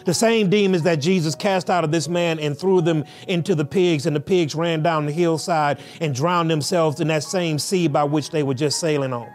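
A male pastor preaching a sermon with rhythmic repetition and emphatic pauses. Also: a little high, fairly even intonation, faint music behind.

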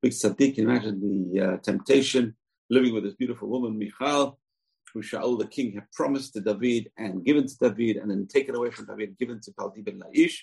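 A man's voice: fairly low pitch, a little fast, creaky, a little mellow, husky, low-quality recording. A man teaching a scripture lesson in a chatty, digressive way, with side comments. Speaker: Torah teacher.

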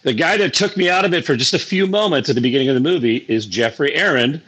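A man reviewing a movie on a podcast in a measured, hesitant way. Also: on the high side, fairly bright tone, slightly rough, rough recording. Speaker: podcast co-host.

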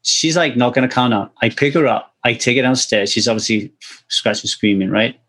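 A man talking candidly in a relaxed conversation, earnest and casually swearing, often restarting his sentences. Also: medium pitch, fairly quick. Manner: acts out quoted speech animatedly.

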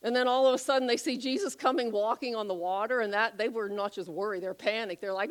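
A woman preaching a sermon, telling a Bible story with animated, acted-out voices. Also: fairly high pitch, brisk, hardly any pauses. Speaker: pastor.

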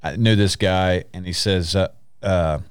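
A man's voice: low voice, fairly even intonation, unhurried, smooth, dry recording. A man hosting a Christian podcast in a studio, chatting casually, laughing often and sprinkling in praise exclamations. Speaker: podcast host.

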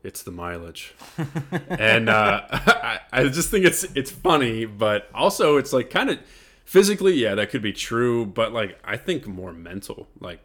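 A man's voice: mid-range voice, very animated, measured pace, a bit bright. A man co-hosting a casual faith podcast, speaking in an earnest, reflective way and laughing easily. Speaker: podcast co-host.

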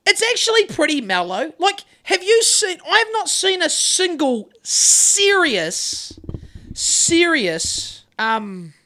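A woman's voice: extremely high pitch, sing-song, slow pace, pushed and bright. A woman co-hosting a casual chat podcast from a couch, rambling and swearing, restarting sentences, close to a phone mic. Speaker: podcast co-host. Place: living room couch. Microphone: phone held close to her.

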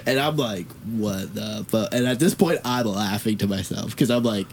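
A man's voice: mid-range voice, animated, measured pace, darkish tone, a little hiss or hum. Rambling, swearing male podcast host. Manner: rambling, swearing, quoting voices. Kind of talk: casual storytelling.

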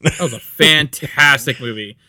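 A man's voice: medium pitch, moderate pace, bright, forceful tone, dry recording, studio quality. A man co-hosting a casual podcast chat, blunt and swearing freely. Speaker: podcast co-host.

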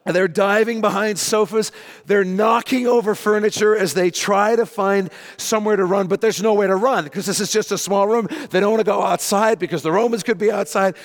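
A man preaching a sermon, telling the story with lively, animated delivery. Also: sits high, brisk, long reverb tail. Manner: animated storytelling, acting out panicked voices. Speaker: pastor.

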